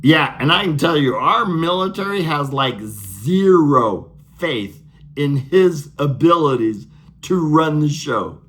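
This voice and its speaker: A man's voice: a little high, expressive, slow, a bit bright. A man delivering a sarcastic, profane political rant, laughing at his own jokes. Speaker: political vlogger.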